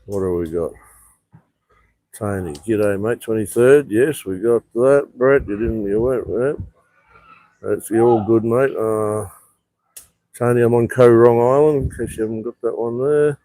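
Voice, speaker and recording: Broadcasting a rambling live stream from a rooftop bar outdoors, this man chats casually, curses without restraint, and reads out comments from viewers. He has a mellow mid-range voice at a measured pace, recorded dry.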